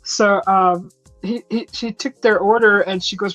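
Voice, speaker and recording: A woman's voice: mid-range voice, fairly even intonation, measured pace, fairly bright tone, no room sound, faint music behind, poor audio. A woman hosting a casual live chat from her home kitchen, chatty and teasing, laughing often as she reads viewer comments. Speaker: host of a live chat stream.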